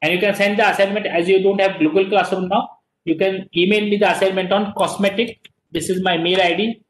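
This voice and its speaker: A man's voice: high voice, steady tone, a little fast. A man with an Indian accent teaching an online class, mixing Hindi and English and repeating his words. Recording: echoey room.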